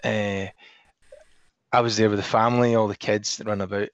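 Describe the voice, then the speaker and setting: A man's voice: on the low side, little pitch movement, normal speed, dry recording, dull audio. A man co-hosting a podcast, chatting casually and telling rambling anecdotes with frequent laughs. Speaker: podcast co-host. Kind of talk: casual chat.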